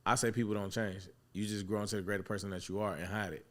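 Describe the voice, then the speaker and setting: Lowish-voiced guy, barbershop host, blunt and cussing, tells stories loud. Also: fast talker. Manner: blunt, profane, animated storytelling. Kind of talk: casual chat.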